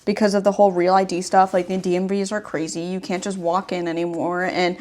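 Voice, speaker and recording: A woman's voice: fairly low pitch, flat delivery, brisk, a little mellow. A young woman tells a long story on a casual podcast. She rambles, stacking one "like" after another as she goes. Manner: rambling storytelling, heavy use of "like". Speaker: podcast host. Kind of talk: casual chat.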